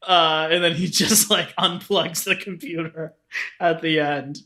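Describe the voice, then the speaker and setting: A man hosting a casual film discussion podcast, chatty and relaxed, with lots of fillers. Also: fairly high pitch, a little slow. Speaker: podcast host.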